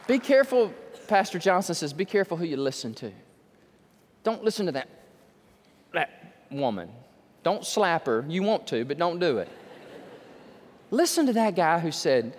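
Animated preacher with a high, lively voice. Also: male voice, normal speed. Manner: animated, humorous storytelling. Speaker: pastor. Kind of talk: sermon. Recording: reverberant hall.

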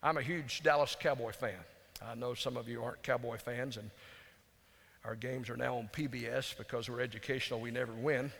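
A man preaching a storytelling sermon in a folksy, conversational way, dropping to hushed tones for emphasis. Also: medium pitch, steady tone, brisk, creaky, slight background noise. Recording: long hall reverb.

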